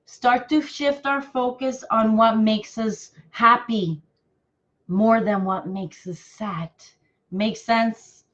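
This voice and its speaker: A woman giving live card readings to viewers, affectionate and halting, with many fillers and restarts. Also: fairly high pitch, fairly even intonation, fairly bright tone, muffled recording. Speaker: intuitive card reader.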